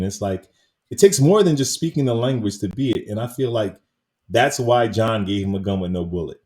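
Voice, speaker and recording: A man's voice: on the low side, animated, moderate pace, a little mellow. A man co-hosting a casual movie review podcast, laughing often and acting out quotes as he talks. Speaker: podcast co-host.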